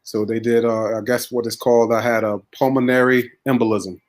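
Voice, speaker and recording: Flat, low-key man telling his story. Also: brisk. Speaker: podcast guest. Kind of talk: casual chat.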